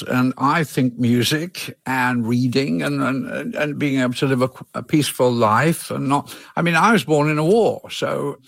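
Old guy in his 80s chatting as a guest, keeps chuckling and restarting sentences, slightly high voice. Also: creaky, dry recording. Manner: chuckling, meandering, frequent restarts. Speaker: author guest. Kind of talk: relaxed conversational interview.

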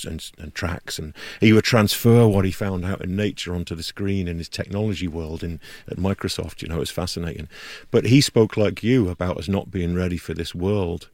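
A low-pitched man hosts a relaxed interview and leans into storytelling between his questions. His voice is recorded close and dry, with no room sound. He drifts into soft asides as he talks. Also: fairly quick, creaky, few pauses, dry recording. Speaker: host. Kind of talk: conversational podcast interview.

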